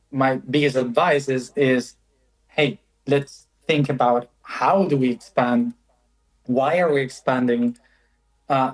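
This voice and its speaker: Slow-spoken calm man, reflective. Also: mid-range voice, rough recording. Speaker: guest. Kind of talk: reflective conversation.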